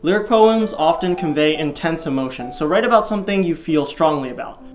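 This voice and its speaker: A man reading a school presentation from a script in a steady voice. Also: fairly high pitch, a little fast. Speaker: student presenter. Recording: soft guitar music behind.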